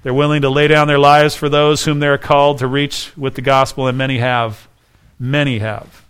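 A man's voice: medium pitch, level tone, moderate pace, a bit bright, smooth. Earnest conversational male preacher. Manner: earnest, conversational, with frequent restarts. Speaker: pastor. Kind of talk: sermon.

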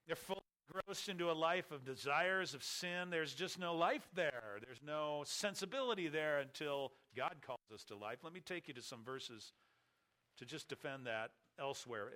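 A man preaching a sermon, emphatic, slowing down and leaning on key words. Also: a little high, bright, forceful tone.

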